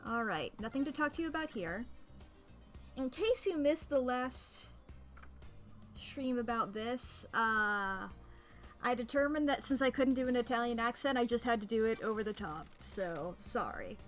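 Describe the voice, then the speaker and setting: A woman's voice: a little high, animated, measured pace. A woman streaming a game, chatting casually and playfully, thinking aloud and humming silly noises. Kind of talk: casual gameplay commentary. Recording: game music behind.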